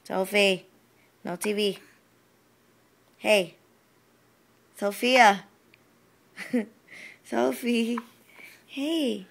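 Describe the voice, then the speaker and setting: A woman's voice: medium pitch, very slow, gravelly, long pauses. A mother filming her baby at home, cooing and sometimes whispering to her. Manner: coos and drops to soft whispers. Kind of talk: casual home video chat.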